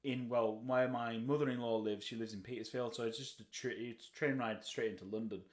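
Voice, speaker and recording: A man's voice: medium pitch, brisk. A middle-aged man co-hosting a casual podcast chat, telling stories animatedly and acting out the voices of people he quotes. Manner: animated storyteller who acts out quoted conversations. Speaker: podcast co-host.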